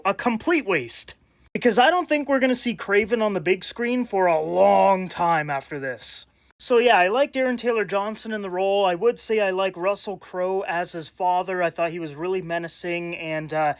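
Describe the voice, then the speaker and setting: A young man giving a casual, animated movie review, exasperated and rambling with fillers. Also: sits high.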